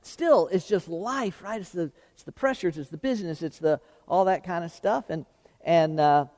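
Man, pastor, high-pitched, conversational sermon, asks the congregation questions, long church-hall reverb. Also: moderate pace, a little mellow. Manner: chatty, asks the congregation questions, repeats words while finding them.

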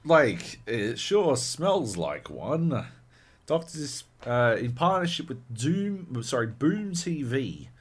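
A man co-hosting a podcast, chatting casually, animated and swearing often with bursts of laughter. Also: medium pitch, slow pace, slightly rough. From Australia. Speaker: podcast co-host. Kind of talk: casual chat.

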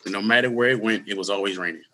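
A man in his thirties telling his personal story in an interview, earnest and candid, with halting restarts. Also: lowish voice, sharp tone. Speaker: guest; school security worker.

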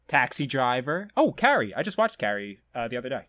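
A young man rambles through stories on a casual podcast, getting animated as he retells scenes. His voice sits at an everyday middle pitch. The sound is dry and close. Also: fairly quick, dry recording. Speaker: podcast host.

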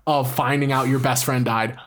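A man's voice: mid-range voice, fairly even intonation, normal speed, fairly bright tone, slight background noise. A man in casual podcast chat, telling stories animatedly, acting out the voices of people he describes and swearing freely.

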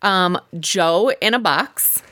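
A woman co-hosting a podcast, chatting casually and giggling as she recaps a dating show. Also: takes it slowly. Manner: chatty, giggly, animated swoops in pitch. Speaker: podcast co-host.

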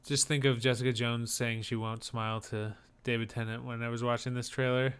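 A man's voice: mid-range voice, level tone, brisk, hardly any pauses, fairly bright tone, smooth. A man from the northern United States co-hosting a casual chat about trailers, rambling and enthusiastic with a joking streak. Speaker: podcast co-host.

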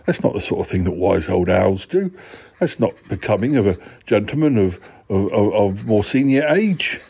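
This is a man playing a prim, easily rattled grown-up who wants a gentle bedtime story. His voice sits low and mellow. The recording has a dull, lo-fi sound. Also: lively intonation, normal speed, creaky, husky, heavily acted. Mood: fretful. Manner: fussy, easily alarmed, prim objections.

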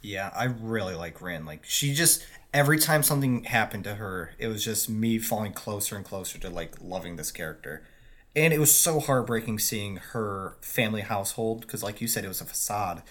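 A man's voice: fairly low pitch, lively intonation, moderate pace, fairly bright tone. A man talking casually and earnestly about an anime's characters. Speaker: co-host. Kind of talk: casual anime review chat.

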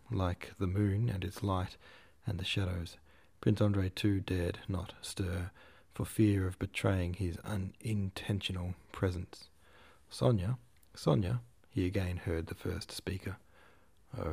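Low, dark-voiced male reader. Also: little pitch movement, measured pace, creaky, few pauses, husky. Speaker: audiobook reader and podcast host. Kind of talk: reading a classic novel aloud.

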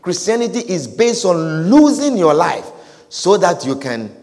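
A man preaching a sermon, animated and repetitive, with calls of hallelujah and amen. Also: high-pitched, a little slow, big-room sound.

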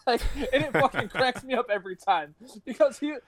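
High-voiced rambling young man. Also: sing-song, normal speed, dry recording. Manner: rambling, swearing, laughing storyteller. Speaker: podcast host. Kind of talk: casual podcast chat.

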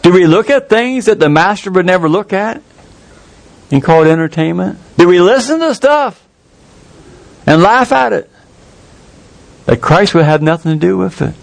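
A man preaching a sermon in a folksy, earnest way, jumping up in pitch to stress a point. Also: expressive, creaky, no room sound. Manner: folksy, earnest, with quick rises in pitch for emphasis.

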